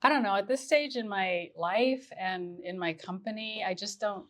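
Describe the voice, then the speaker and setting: A woman's voice: medium pitch, moderate pace. A woman fashion designer talking through her process on a panel, thoughtful and practical, thinking aloud. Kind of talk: casual panel conversation.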